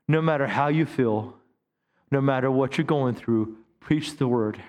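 A man's voice: mid-range voice, measured pace, darkish tone, in a large hall. A man in his fifties, a pastor preaching a sermon in a conversational way, with stammered restarts. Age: 50s. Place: church sanctuary.

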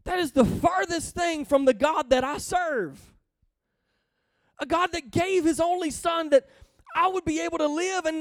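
With a very high voice and no room sound, a man preaches conversationally, reading scripture aloud and then explaining it emphatically. He often checks in with his listeners by asking them questions, in a style of casual Bible teaching.

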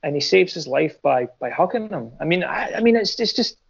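A man's voice: a little high, lively intonation, brisk, vocal fry, husky, lo-fi sound. A man chatting casually about comics on a podcast, hesitant, with many ums and restarts.

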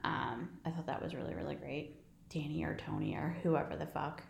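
A woman with a slightly low voice chats loosely about films, rambling and swearing casually. She sounds like a podcast co-host caught in a roomy, echoing space. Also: expressive, fairly quick, vocal fry, darkish tone. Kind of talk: casual movie chat. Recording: roomy echo.

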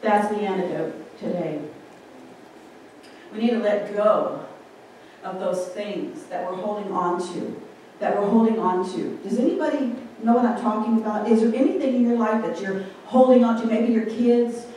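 A woman's voice: mid-range voice, moderate pace, warm tone. A woman giving an informal sermon in a conversational way, often asking her listeners questions. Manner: conversational, asks the congregation questions. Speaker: preacher. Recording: very echoey hall, distant mic, faint room noise.

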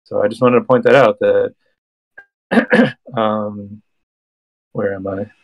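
A man co-hosting a scripture discussion podcast, talking in a relaxed way with many ums and reading passages aloud. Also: fairly low pitch, takes it slowly, rough recording. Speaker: podcast co-host. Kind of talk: casual scripture discussion with read-aloud verses.

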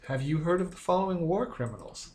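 A man playing a tabletop game, speaking in a relaxed, halting way. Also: a little high. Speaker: player.

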